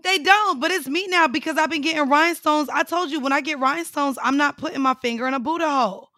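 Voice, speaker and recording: A woman with a high, bright voice talks in a blunt, teasing and profane way as a podcast co-host. The sound is close and dry. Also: quick pace, dry recording. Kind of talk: casual chat. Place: her house.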